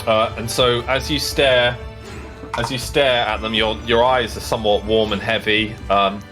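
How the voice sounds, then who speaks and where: A man's voice: lowish voice, steady tone, moderate pace, a bit bright, faint music behind. Guy game-mastering a tabletop game, chatty and rambly, medium voice. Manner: casual, rambling with fillers.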